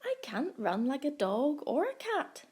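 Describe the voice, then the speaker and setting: A woman voicing a small, stubborn young girl tortoise in a storybook reading, raising her pitch. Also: big pitch swings, a little slow, darkish tone. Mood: defiant. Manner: pleading, then cross and sad.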